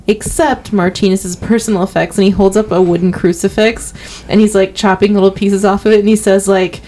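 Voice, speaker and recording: Animated young woman retelling movie scenes. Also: medium pitch, a little fast, a little hiss or hum. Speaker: movie podcast co-host. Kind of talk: casual chat.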